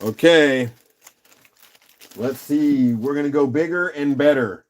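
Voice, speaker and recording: A man's voice: a little high, a little slow, long pauses. A man hosting a casual live-stream rock auction, upbeat and chatty, calling out bids and laughing often.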